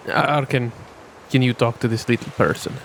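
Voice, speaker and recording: A man's voice: medium pitch, steady tone, unhurried, a little hiss or hum. A man playing a tabletop game, making wry jokes and describing his character. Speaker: player.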